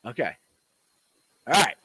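A man hosting a casual live-streamed sports podcast, laughing often and getting loud when excited. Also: a little slow, background noise. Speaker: podcast host. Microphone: home desk mic.

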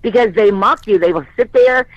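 A woman hosting a casual chat, talkative, often laughing and adding quick asides. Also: mid-range voice, no room sound, dull audio.

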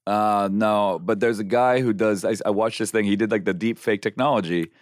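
Low-voiced laid-back man in casual chat. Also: fairly even intonation, normal speed, no echo, clean studio sound.

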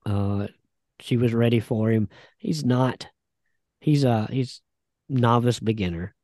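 Relaxed guy rambling through a story, mellow voice, dry sound. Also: medium pitch, slow pace, no room sound. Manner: laid-back, rambling, with many fillers. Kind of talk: casual chat.

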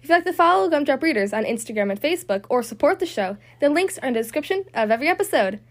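A woman's voice: high-pitched, animated, racing. A woman hosting a children's story podcast, reading a picture book aloud in a sing-song storytelling manner.

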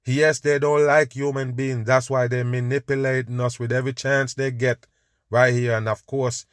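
A man's voice: medium pitch, little pitch movement, moderate pace, no echo, clean studio sound. A man, hosting a podcast and ranting with scorn over video clips, calling his listeners "people" again and again. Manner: scornful, preachy, repeats "people". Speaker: podcast host reacting to clips.

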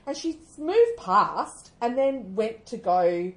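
An Australian woman co-hosting a podcast, telling stories in a casual, animated way and often laughing as she talks. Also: fairly high pitch, takes it slowly. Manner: animated storytelling, often laughing mid-sentence. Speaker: podcast co-host.

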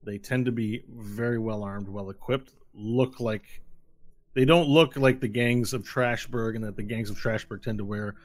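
Low-pitched guy narrating a tabletop game, kinda hesitant. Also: steady tone, moderate pace. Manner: loose, hesitant narration with restarts. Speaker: game master.

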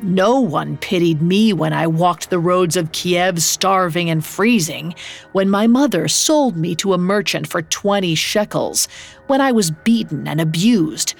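A woman's voice: on the low side, measured pace, gravelly, faint music behind. A woman voicing a scornful, weary dybbuk spirit. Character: bitter dead girl's spirit, a dybbuk.

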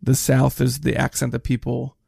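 A man's voice: medium pitch, completely flat delivery, normal speed, gravelly, darkish tone, slightly rough, dry recording, clean studio sound. A man in a casual chat about a movie, wryly questioning small details. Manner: questioning, wry, picks at details. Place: indoor room near a heater.

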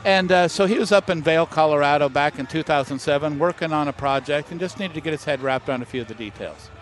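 A middle-aged man with a slightly high voice, spinning an animated story in a relaxed interview. He slips into the voices of the people he quotes. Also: fast, a little hiss or hum. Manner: animated anecdote-teller who acts out quoted voices. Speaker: master distiller guest.

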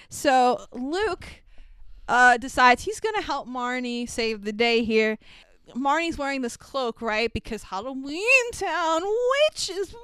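Giggly high-voiced woman podcaster. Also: smooth, no echo. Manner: giggly, profane, animated storytelling. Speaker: podcast co-host. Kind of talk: casual chat recapping a movie.

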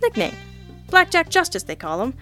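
A woman voicing a nervous, whiny little man who is a small-time informant in a storybook reading, raising her voice high for him. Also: huge pitch swings, moderate pace, a bit bright, soft background music, full character voice. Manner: whining, flustered, eager to please.

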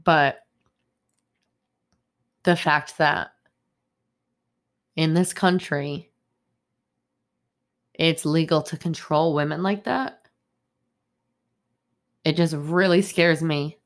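A woman's voice: low-pitched, fairly even intonation, very slow, long pauses. A young woman hosting a solo podcast, rambling stream-of-consciousness style with many fillers, upset and indignant as she talks. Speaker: podcast host. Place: home in Boston.

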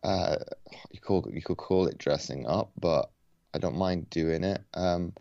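A man with a very low voice talks in an easygoing, relaxed way, often stopping and restarting his sentences. The sound is dry and a little muffled, like call audio. He is hosting a podcast conversation. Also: measured pace, creaky, no room sound. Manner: laid-back, hesitant with many restarts. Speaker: podcast host. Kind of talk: casual conversation. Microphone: video call.

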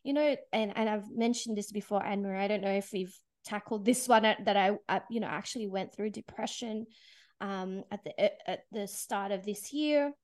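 A woman's voice: mid-range voice, moderate pace, a little mellow. Earnest, emotional woman sharing her faith. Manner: earnest and emotional, laughing through tears. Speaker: podcast guest. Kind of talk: faith testimony in conversation.

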